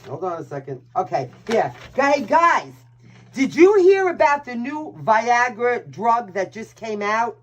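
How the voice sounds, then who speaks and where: A woman's voice: on the high side, sing-song, a little slow, poor audio. A woman from Brooklyn with a Brooklyn accent, hosting a casual live-stream tarot reading in a chatty, brash way with swearing. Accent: Brooklyn New York. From Brooklyn, New York. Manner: chatty, brash, swears and laughs at own jokes.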